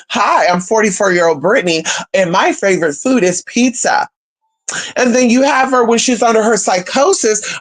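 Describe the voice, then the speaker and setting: A woman's voice: medium pitch, poor audio. A woman hosting a casual livestream, talking bluntly with profanity and emphatic repetition. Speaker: livestream host.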